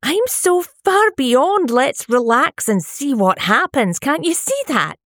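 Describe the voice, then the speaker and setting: A woman's voice: a little high, very animated, normal speed, dry recording, studio quality, pitched above the performer's own voice. A woman reading aloud, voicing a distraught woman of thirty-seven pleading tearfully in a storybook. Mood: stubborn anguish. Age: 30s. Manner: pleading, tearful, rising to shouts. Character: distraught woman of 37 desperate for a baby. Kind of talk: audiobook character voice.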